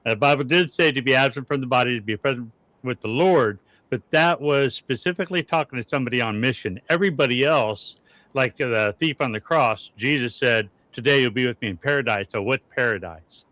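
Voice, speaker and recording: A man's voice: medium pitch, a little fast, fairly bright tone, dry recording. A middle-aged man with an Arkansas accent, a paranormal investigator speaking earnestly on a panel over a video call, explaining in a preacher-like way. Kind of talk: casual panel chat. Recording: dull lo-fi audio.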